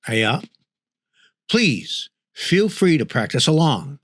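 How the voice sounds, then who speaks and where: A man from northern New England narrating an audiobook in a measured, clear reading. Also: on the high side, very animated, fairly bright tone, no echo, studio quality.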